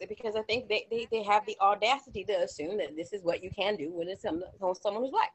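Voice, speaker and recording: A woman's voice: medium pitch, fairly quick, few pauses. A woman co-hosting a casual podcast, rambling and restarting her sentences often. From grew up partly in Florida. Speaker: podcast co-host. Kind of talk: casual chat.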